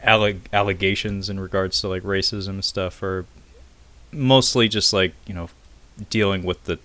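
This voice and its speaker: Male podcast co-host, low-ish and forceful, casual profane film chat. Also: fairly even intonation, moderate pace. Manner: loose and profane, many filler "uh"s.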